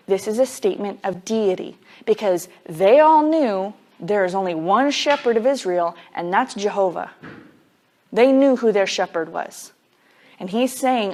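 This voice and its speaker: A woman's voice: medium pitch, animated, unhurried, a little mellow. A woman Bible teacher giving a conversational sermon, casual and emphatic, dropping frequent "like" fillers as she explains.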